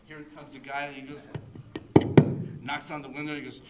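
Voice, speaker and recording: A man's voice: fairly high pitch, little pitch movement, normal speed, bright, forceful tone, soft background music. A middle-aged man from Mexico telling a rambling story to an audience at a library event, full of fillers and laughs. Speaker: guest speaker. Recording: voice picked up from a distance.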